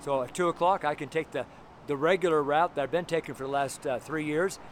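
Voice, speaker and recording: A man preaching a fervent street sermon outdoors beside a busy road, talking loudly and emphatically. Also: on the high side, a little fast, slight background noise. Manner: fervent, emphatic, loud at times.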